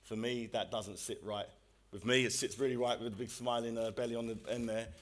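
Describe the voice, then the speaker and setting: A boxer at a press conference who answers questions in a measured, determined and earnest way. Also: male voice, mid-range voice, fairly even intonation.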